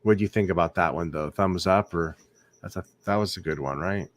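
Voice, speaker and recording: Talking fairly quickly in a low-pitched voice, a man runs a relaxed livestream from home late at night. His talk wanders, words get repeated, and he often checks if his viewers agree.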